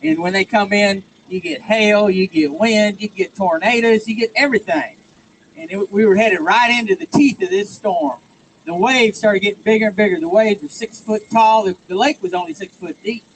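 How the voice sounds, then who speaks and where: A man's voice: sits high, moderate pace, slight background noise, low-quality recording. A man from Texas with a Texan accent, giving a folksy, joking storytelling speech on stage at a rally. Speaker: rally speaker.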